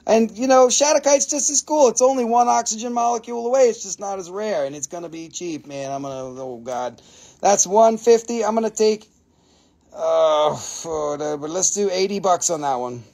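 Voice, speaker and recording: High, gravelly man hosting a live sale. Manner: joking, profane, excitable; laughs often. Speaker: host selling minerals. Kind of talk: live stream sales chat.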